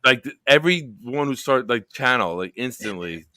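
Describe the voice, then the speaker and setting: A man hosting a casual sports chat livestream with a bright, forceful voice that stays smooth and crisp. He tells animated stories and swears freely. The sound is dry, with no room echo. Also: medium pitch, normal speed. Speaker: livestream show host.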